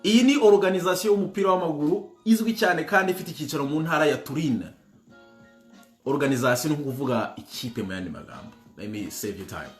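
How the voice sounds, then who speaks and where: A man's voice: fairly high pitch, quick pace. A man hosting a livestream trivia game, playful and switching languages while greeting viewers by name. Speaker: quiz host. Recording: roomy with music behind.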